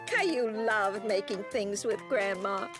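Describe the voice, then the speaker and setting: A woman narrating a preschool cartoon in a warm, simple storybook style. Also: mid-range voice, animated, unhurried. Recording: loud children's music behind.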